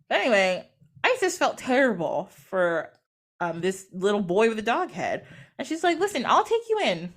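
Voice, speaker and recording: A woman retelling a myth in casual storytelling style, chatty, acting out the characters through quoted dialogue. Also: mid-range voice. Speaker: podcast host or guest.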